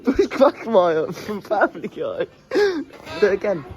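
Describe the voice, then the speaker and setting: A young woman vlogging at an exotic bird venue, talking in excitable slang and giggling often. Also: mid-range voice, unhurried, faint music behind. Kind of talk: casual chat.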